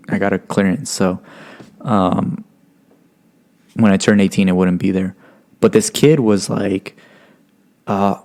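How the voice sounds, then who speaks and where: A man from Stockton, California tells a story casually and profanely, rambling with plenty of fillers. His voice is low-pitched with a heavy gravelly fry. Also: darkish tone. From Stockton, California, United States. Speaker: podcast guest.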